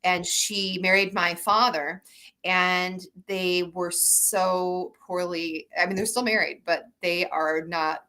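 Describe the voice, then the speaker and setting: A woman from Michigan chats through an interview as the guest author. Her voice sits fairly low but sounds bright and forceful. She rambles warmly through her stories, full of fillers and restarts. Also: steady tone, slow pace. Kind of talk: casual interview storytelling.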